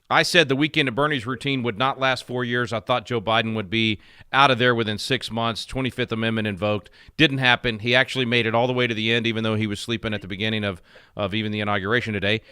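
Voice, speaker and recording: A man co-hosting a talk radio show, chatting casually in an animated, joking way. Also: medium pitch, smooth, dry recording, clean studio sound. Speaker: radio co-host.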